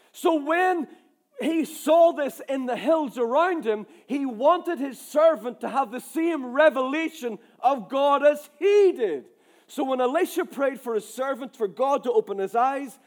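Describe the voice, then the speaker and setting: Northern Irish male preacher, very high voice, animated storytelling sermon delivery. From Ireland. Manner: animated, emphatic, acts out dialogue.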